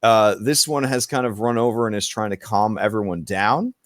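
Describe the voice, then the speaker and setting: A man narrating a tabletop game as game master in a relaxed, rambling way with many fillers. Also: lowish voice, normal speed, no echo, studio quality.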